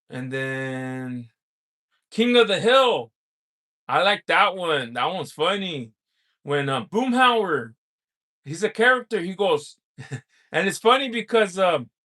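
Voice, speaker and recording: A man with a high voice chats casually on a livestream, answering viewer comments. He talks slowly, halting and pausing often with filler sounds between thoughts. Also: fairly bright tone. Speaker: livestream host.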